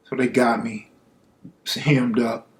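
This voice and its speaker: A man from Los Angeles, telling stories on a live stream, recounts something from his own life in a casual, blunt and profane first-person style, imitating the people he quotes. His voice is medium-pitched, level in tone, and slow.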